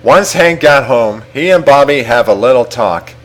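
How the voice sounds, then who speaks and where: A young man reading a comedic fan story aloud to a chatroom, animated and often laughing. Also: mid-range voice, normal speed, low-quality recording. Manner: animated, laughing, breaks off to fix typos.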